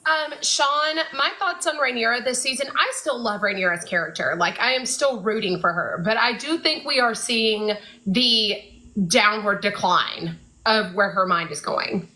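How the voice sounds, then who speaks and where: A woman's voice: fairly high pitch, expressive, unhurried, sharp tone, rough recording. A woman co-hosting a casual fan podcast, talking in a chatty way with lots of fillers. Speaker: podcast co-host.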